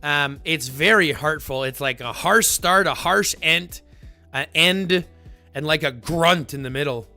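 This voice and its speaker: A man hosting a livestream, chatting casually with viewers in a rambling, animated way full of fillers. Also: on the high side, a little slow, faint music behind. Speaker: livestream host.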